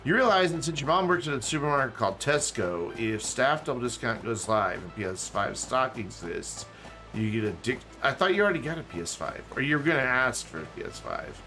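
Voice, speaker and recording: A man's voice: mid-range voice, very animated, a little fast, sharp tone, soft background music. A man streaming a game live, chatting loosely and reading chat aloud. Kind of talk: casual live-stream chat while gaming. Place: home room with background music. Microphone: desk mic and webcam.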